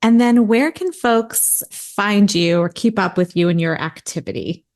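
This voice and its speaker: A woman's voice: mid-range voice, unhurried, darkish tone. A woman hosting a podcast interview and asking her guest brief, friendly questions. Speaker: podcast host.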